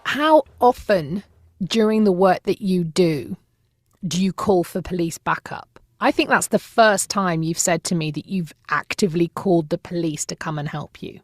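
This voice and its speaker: A woman's voice: lowish voice, moderate pace, dry recording, clean studio sound. A woman interviewer asking a curious, probing follow-up question.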